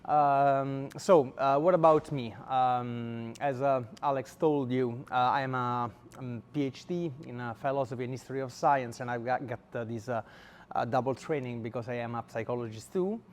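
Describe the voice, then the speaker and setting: A man's voice: medium pitch, fairly even intonation, moderate pace, a little hiss or hum. A man from Italy with an Italian accent, giving a university lecture and speaking hesitantly with many filler sounds. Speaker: guest lecturer. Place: lecture room.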